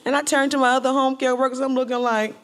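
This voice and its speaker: Animated woman storyteller from Detroit. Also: high-pitched, fast talker. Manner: lively, animated storytelling with colloquial phrasing. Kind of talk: personal story told to an audience.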